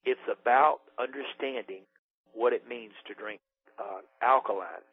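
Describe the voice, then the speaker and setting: A man's voice: mid-range voice, unhurried, husky. A man from Alabama giving a rambling, folksy sales talk about his water business. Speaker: water ionizer distributor. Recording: tinny phone-line audio.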